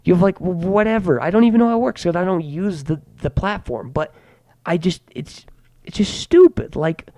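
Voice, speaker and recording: Teen boy, comedic rant, sarcastic and mock-grand, raised pitch, gravelly fry, dry close sound. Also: brisk, a little mellow, no echo. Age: teens. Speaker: student ranting to camera.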